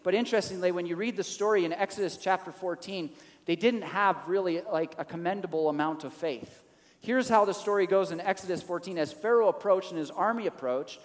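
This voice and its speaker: A man preaching a sermon in an animated way, acting out the quoted lines with a rising voice. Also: sits high, normal speed, in a large hall. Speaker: pastor.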